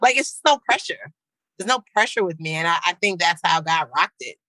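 A young woman from Nigeria, a comedian and actor, chatting casually as an interview guest, animated and slangy, often laughing and leaping up in pitch. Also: fairly quick, no echo, low-quality recording.

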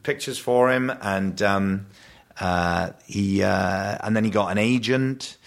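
A man telling family anecdotes on a podcast, animated and slipping into voices. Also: lowish voice, slow, gravelly. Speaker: podcast guest. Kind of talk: casual chat, storytelling.

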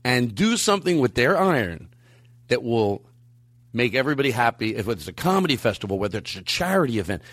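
Animated rambling podcast host, man. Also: no echo, clean studio sound. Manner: rambling, animated, swings pitch up for quoted voices. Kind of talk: casual chat. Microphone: studio mic.

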